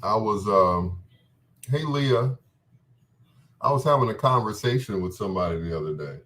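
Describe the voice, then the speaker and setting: A middle-aged man hosting a late-night love-song radio show, smooth and joking as he chats between songs. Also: on the low side, expressive, moderate pace, a bit bright. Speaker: radio DJ and host.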